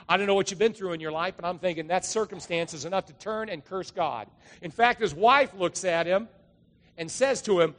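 A middle-aged male pastor preaching a sermon, telling stories and acting out the voices with drawn-out dramatic lines. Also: high-pitched, a bit bright. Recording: long hall reverb.

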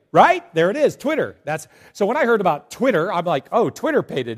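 A man preaching a sermon to a congregation, telling jokes and animated stories. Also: high-pitched, fairly quick. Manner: joking, animated storytelling to a congregation. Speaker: pastor.

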